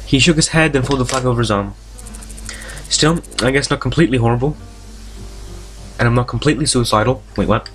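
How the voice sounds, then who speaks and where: A man's voice: medium pitch, brisk, long pauses, a bit bright, soft background music. A man hosting a let's play, reading a visual novel aloud and breaking off into jokes, tangents and frequent swearing. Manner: reads story text aloud, stumbling over words.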